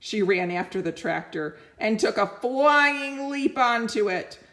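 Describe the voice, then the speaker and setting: A woman reading a children's picture book aloud at an unhurried pace. Her voice rises and falls in a lively, sing-song way as she does voices for each animal. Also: on the high side. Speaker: reader.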